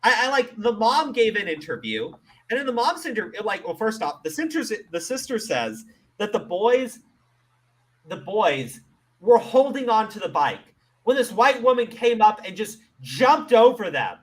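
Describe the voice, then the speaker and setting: A man's voice: high voice, big pitch swings, moderate pace. A man hosting a commentary show, ranting with exasperation and plenty of profanity.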